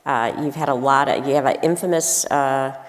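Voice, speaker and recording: Low-voiced woman in an echoing hall. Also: moderate pace. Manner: brief supportive interjections. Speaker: interviewee on stage. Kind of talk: casual onstage conversation. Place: large university auditorium.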